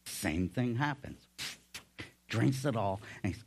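A male pastor preaching a sermon, telling stories with folksy humor in an animated way. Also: lowish voice, moderate pace.

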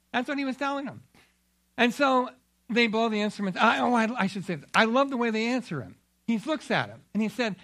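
A man preaching a sermon, retelling Bible stories in an animated way. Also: very high-pitched, brisk. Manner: animated storytelling with acted-out quotes.

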